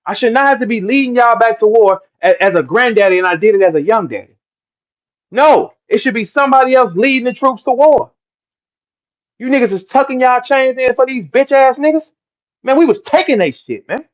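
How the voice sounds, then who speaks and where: Very high-pitched and animated, a middle-aged man from St. Louis, Midwest US, rants briskly on a livestream as a battle rapper addressing his listeners. He is preachy and profane, lecturing them, and the audio sounds dull.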